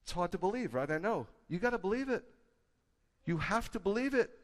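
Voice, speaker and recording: A man who is a rabbi, preaching a sermon emphatically and shifting between loud bursts and low confiding asides. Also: lively intonation, fairly quick. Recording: echoey hall with a long tail.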